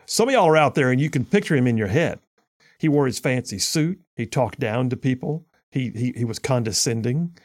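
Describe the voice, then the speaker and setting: A man's voice: medium pitch, expressive, brisk. A man hosting a talk radio show, reading news stories and mocking them in a sarcastic, combative way. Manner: sarcastic, combative, reads news then mocks it.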